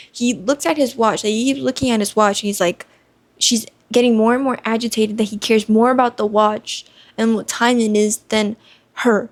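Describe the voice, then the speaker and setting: A woman's voice: fairly high pitch, steady tone, unhurried. A young woman chatting casually about her first impressions of a book, rambling and leaning heavily on "like" as filler. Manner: rambling, heavy use of "like" fillers. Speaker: book vlogger.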